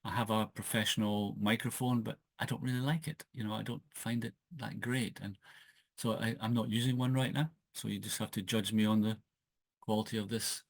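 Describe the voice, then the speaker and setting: A Scottish author runs his own channel, speaking in a casual solo podcast style that stumbles with fillers and restarts. His fairly low voice is steady, fairly quick and shows vocal fry, with no echo, picked up by a laptop's built-in microphone in his home office with a wooden desk.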